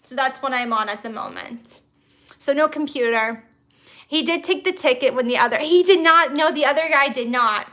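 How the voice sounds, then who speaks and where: A woman's voice: sits high, moderate pace, bright, forceful tone. A woman hosting a casual live stream from a phone on a tripod, rambling and reading out viewer comments as she goes. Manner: chatty, rambling, reads viewer comments aloud.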